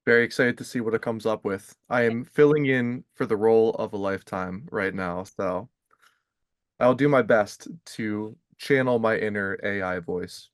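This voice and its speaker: A man's voice: fairly low pitch, normal speed, dry recording, clean studio sound. A man chatting casually and jokingly on a marketing team panel. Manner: playful, joking. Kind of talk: casual chat.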